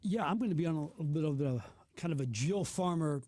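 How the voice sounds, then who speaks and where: A man's voice: fairly high pitch, animated, brisk, mellow, a little hiss or hum. A man co-hosting a radio talk show, chatting casually in a playful, teasing way. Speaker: radio co-host. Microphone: studio microphone.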